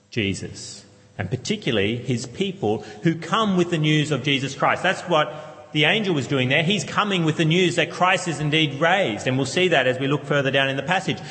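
A young man preaching a sermon, earnest and steady, asking rhetorical questions and repeating key phrases for emphasis. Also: on the high side, normal speed. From Australia. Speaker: pastor. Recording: long church reverb.

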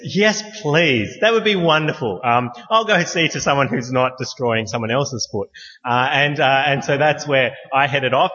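Bright-voiced preacher in an echoey hall. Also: male voice, medium pitch. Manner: earnest, conversational, anecdotal. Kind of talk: sermon with opening prayer. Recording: echoey hall, dull lo-fi sound.

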